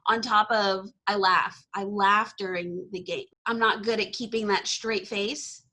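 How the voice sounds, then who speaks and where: Bubbly bright-voiced woman. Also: mid-range voice, measured pace. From Texas. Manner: bubbly, laughs often, excitable. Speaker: podcast host. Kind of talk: casual chat.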